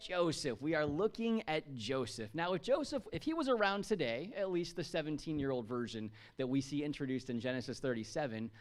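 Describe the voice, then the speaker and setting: A man's voice: on the high side, animated, brisk, hardly any pauses. A man in his thirties from the United States preaching a sermon to a congregation in a chatty, jokey way, asking them questions. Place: church.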